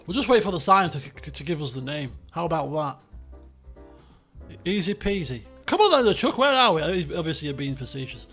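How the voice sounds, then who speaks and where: Male streamer, high bouncy voice, chatty commentary, faint music underneath. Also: expressive, moderate pace, a bit bright, slightly rough. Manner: chatty, thinks aloud, laughs often. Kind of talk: live-stream game commentary.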